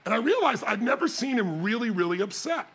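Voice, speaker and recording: A man giving a motivational seminar talk, telling stories with animated energy and bursts of shouting. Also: very high voice, brisk, husky. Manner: animated storytelling, shouting and mimicking others. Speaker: motivational speaker.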